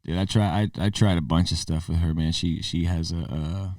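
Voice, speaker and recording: A man co-hosting a podcast, talking fast in casual chat with lots of restarts. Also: low voice, steady tone, a little mellow, dry recording, clean studio sound, distant mic. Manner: fast, halting, restarts a lot. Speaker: podcast co-host.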